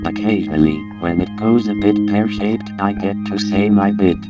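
A man voicing a bored male robot announcer who makes flat, deadpan announcements. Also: fairly low pitch, moderate pace, lightly acted. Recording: dull lo-fi voice from a distance over loud music.

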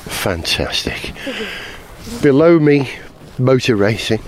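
A middle-aged man, speaking at a middle pitch into a handheld microphone out in the open air. He narrates a live outdoor broadcast in a chatty, enthusiastic and descriptive way. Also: animated, moderate pace, poor audio. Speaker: radio presenter at a rally. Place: outdoors on a clifftop by a rally stage.

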